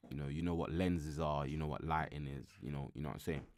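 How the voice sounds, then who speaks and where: A deep-voiced man reacts live on stream, loose and slangy, starting sentences over as he works out his thoughts. His voice sounds dry and close to the mic. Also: steady tone, fast talker, a little mellow, no echo. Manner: loose and slangy, thinks aloud with many restarts. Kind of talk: casual live reaction commentary.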